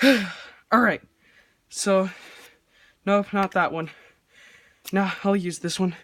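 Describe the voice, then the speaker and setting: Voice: medium pitch, slow pace, a bit bright. A person hosting a casual drawing tutorial, talking in a rambling, offhand and self-deprecating way while sketching. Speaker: art tutorial host.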